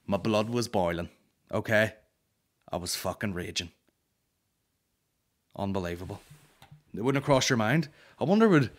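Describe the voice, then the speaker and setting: A man's voice: on the low side, animated, a little fast, long pauses. A man hosting a comedy podcast, telling a heated, sweary story in an exasperated rant. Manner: sweary, heated and exasperated, with frequent "you know what I mean".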